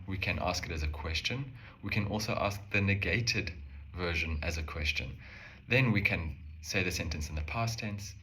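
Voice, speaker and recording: A man calmly explaining a language lesson step by step, slowing down to say example phrases. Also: deep voice. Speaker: language teacher.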